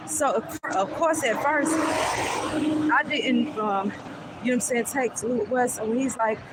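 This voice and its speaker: A woman's voice: a little high, unhurried, heavy background noise. A woman vlogger telling a casual storytime in a chatty way, often asking "you know what I'm saying".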